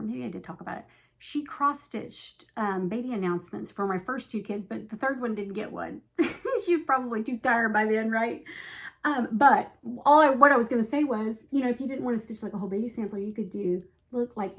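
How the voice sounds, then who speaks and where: A woman vlogger chatting casually as she shows cross-stitch books, gushing over small designs and slipping into soft hushed asides. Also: on the high side, normal speed. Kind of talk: casual show-and-tell chat.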